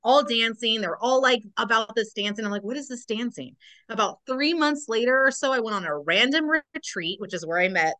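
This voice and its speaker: Bright-voiced woman, earnest healer. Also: on the high side, expressive, brisk, few pauses. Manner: earnest, affirming, spiritual wording. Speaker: guest, Reiki practitioner. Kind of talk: casual conversation.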